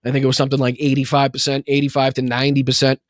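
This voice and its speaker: A man's voice: mid-range voice, monotone, rapid-fire, dry recording, studio quality. A man hosting a casual political livestream, rambling and narrating what he is doing on screen. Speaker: show host.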